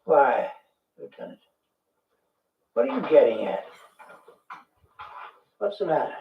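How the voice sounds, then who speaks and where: A man playing a doctor in a TV crime drama, answering questions with animated, rising replies. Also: a little high, slow pace, distant mic, muffled recording, heavily acted. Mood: defensive. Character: male doctor, defensive under questioning. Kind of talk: 1970s TV crime drama acting. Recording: TV audio echoing from across a room.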